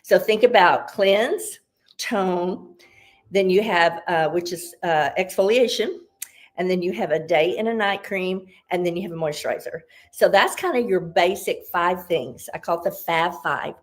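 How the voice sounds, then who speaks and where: A woman's voice: on the low side, moderate pace. A woman giving a casual, upbeat beauty tutorial as a consultant, chatty and explaining step by step, a little out of breath.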